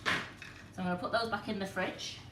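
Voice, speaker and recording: A woman's voice: medium pitch, steady tone, brisk. A woman hosting a live cooking demonstration in a kitchen, chatting to viewers as she explains each step. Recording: echoey kitchen with faint noise.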